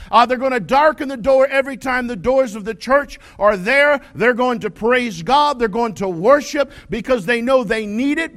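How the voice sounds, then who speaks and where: A male pastor preaching a sermon, stressing his points and reading scripture slowly. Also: very high-pitched. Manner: preaching with rising shouted emphasis and slow scripture reading.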